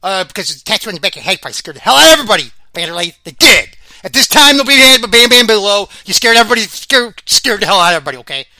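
A man hosting a sports podcast, chatting in a rambling, excitable way and laughing often. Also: sits high, rapid-fire. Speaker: podcast host. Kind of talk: casual rambling sports chat.

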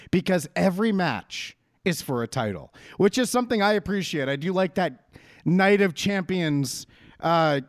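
Loud mouthed dude ranting w lots of swearing, high pitched, bouncy, super dry. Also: male voice, no echo. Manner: brash, profane, ranting. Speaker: podcast co-host. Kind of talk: casual profane wrestling chat.

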